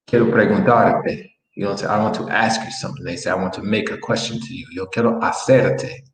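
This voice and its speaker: Low-voiced man teaching Spanish, echoey room. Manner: relaxed, repeats phrases slowly while writing on a board. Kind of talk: online language lesson. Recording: echoey room with faint noise.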